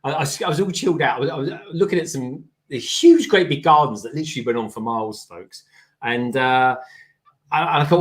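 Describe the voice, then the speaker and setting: A man's voice: on the high side, fairly quick. A man co-hosting a casual building livestream, chatty, stumbling over restarts and calling viewers folks. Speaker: co-host guest. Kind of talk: casual chat while building.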